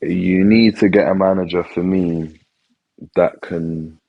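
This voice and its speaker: A man on a football panel giving his opinion in a measured, thoughtful way. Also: deep voice, fairly even intonation, vocal fry, narrow, tinny audio. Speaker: panel guest. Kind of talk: casual football discussion.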